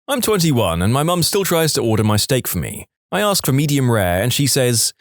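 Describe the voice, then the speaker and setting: A man narrating online stories in a scripted, expressive reading style. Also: medium pitch, normal speed, dry recording, studio quality. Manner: lively, expressive reading with acted quotes.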